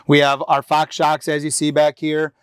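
Enthusiastic male off-roader, slightly higher voice, smooth and crisp, dry close sound; casual walkaround patter. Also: monotone, moderate pace, dry recording. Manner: enthusiastic, rambling with restarts and fillers. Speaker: off-road vlogger showing his jeep build. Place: outdoors and inside a jeep in a shop area.

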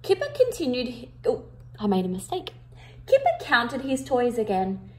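High, lively woman reading a storybook. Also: normal speed. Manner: interactive, asks the listeners questions; expressive, emphatic. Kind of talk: picture book read-aloud.

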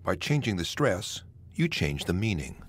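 Deep husky male narrator. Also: very animated. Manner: measured, demonstrates word stress by example. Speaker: narrator of an audio poetry course. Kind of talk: scripted educational narration.

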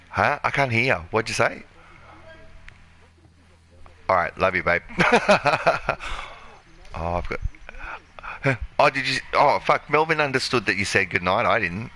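A man's voice: mid-range voice, sing-song, slow pace, pauses often, pushed and bright. A man streaming a video game, joking and swearing as he chats and plays. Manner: profane, joking, laughing banter. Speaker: gaming streamer. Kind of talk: casual let's play commentary.

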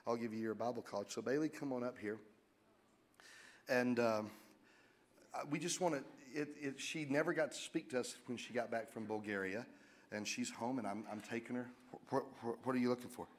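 A middle-aged American man preaching a sermon as pastor, animated and joking, with sudden loud exclamations. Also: medium pitch, a little fast. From United States.

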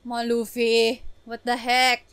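A woman hosting an anime reaction video, talking casually and gushing with excited exclamations. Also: a little high, unhurried, smooth, no room sound.

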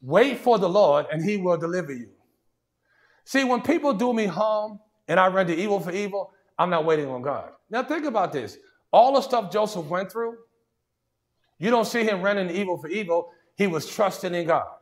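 A man's voice: high voice, lively intonation, normal speed. A man preaching a sermon in a conversational way, often saying "see" and "watch this" and restarting his sentences. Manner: frequent restarts and stammered repeats.

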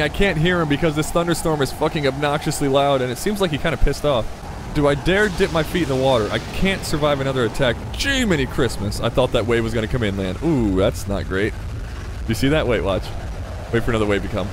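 A young man talks through his gameplay in a loose, excitable way, swearing freely and calling out to things on screen. His voice sits at a middling pitch, with a faint background hum under it. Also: fast. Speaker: gaming YouTuber. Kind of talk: casual let's-play commentary.

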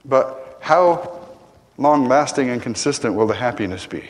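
A man's voice: medium pitch, expressive, measured pace. Older male pastor preaching in a reverberant hall. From Arizona. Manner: conversational, often asks "right?", rises to emphatic peaks then drops quiet. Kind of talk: sermon. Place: church sanctuary.

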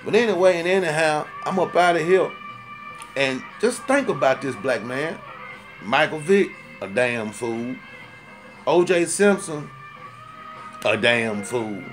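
A man ranting in a comic monologue, his voice sitting high and jumping into loud, indignant outbursts. He talks in a profane, rambling way and circles back to repeat his points, with faint music somewhere behind him. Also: lively intonation, unhurried, pauses often. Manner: profane, heated and rambling, repeats himself for emphasis. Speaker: storyteller ranting to camera.

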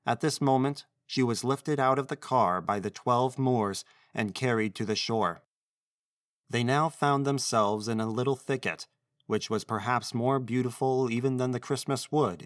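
A man narrating a classic children's story in a measured, expressive reading voice. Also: medium pitch, dry recording, clean studio sound.

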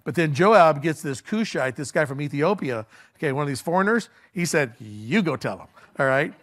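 A man's voice: on the high side, lively intonation, a little fast, a bit bright. A male pastor preaching in a casual, conversational way, retelling a story in everyday words with frequent fillers and restarts. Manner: retells the story in everyday speech, acts out the quoted lines.

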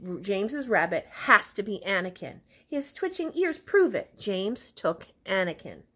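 A woman's voice: medium pitch, big pitch swings, measured pace, bright, forceful tone, husky, heavily acted. Woman doing a bold, insistent schoolgirl.

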